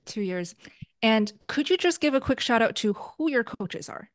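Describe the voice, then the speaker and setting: A woman's voice: on the high side, lively intonation, normal speed, no room sound, clean studio sound. A woman hosting an interview, gushing with praise in casual chat. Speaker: interview host.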